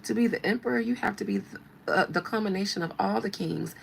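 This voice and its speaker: A woman's voice: medium pitch, quick pace, vocal fry, slight background noise, low-quality recording. A woman hosting a show as a tarot reader, giving blunt, slangy, mocking commentary. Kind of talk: casual commentary.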